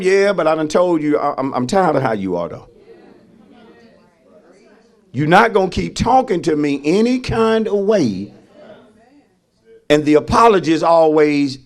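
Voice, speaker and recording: A man preaching as a pastor, calling out to the congregation and rising to shouted peaks. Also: fairly high pitch, expressive, a little slow, long pauses. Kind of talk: sermon.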